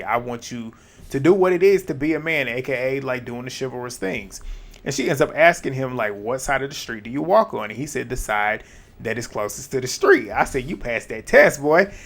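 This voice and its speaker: A man with a mid-range voice recaps a reality dating show in loose, casual chat. He laughs often, drops quick side remarks and talks to his viewers like friends. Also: medium pitch, a bit bright.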